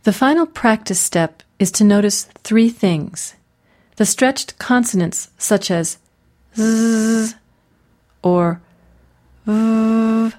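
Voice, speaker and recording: A woman voice coach giving clearly enunciated, call-and-response pronunciation drills. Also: medium pitch, a little mellow. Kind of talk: guided vocal exercise instruction.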